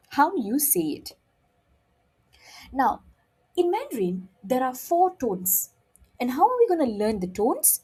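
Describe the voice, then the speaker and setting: A woman's voice: a little high, warm tone, husky. A woman teaching a friendly beginner Mandarin lesson, often checking in with "okay?" in a playful, encouraging way.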